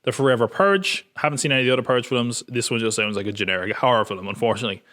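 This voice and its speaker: Male podcast host, mid pitch, casual and self-mocking. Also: very fast, sharp tone. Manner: wry, self-mocking, joking. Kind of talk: casual film preview chat.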